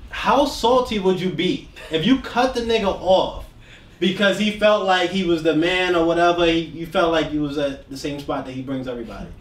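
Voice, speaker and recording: A man's voice: on the high side, normal speed. A man co-hosting a casual podcast chat, telling stories with a laugh and acting out the quotes. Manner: storytelling, laughs often, acts out quotes. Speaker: podcast co-host. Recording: echoey room, distant mic, faint noise.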